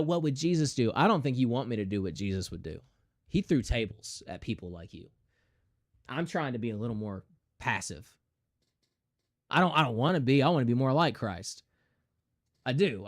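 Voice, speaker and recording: Animated man ranting on stream. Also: medium pitch. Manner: animated, emphatic, jumps into mocking voices. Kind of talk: casual preachy rant on a gaming stream.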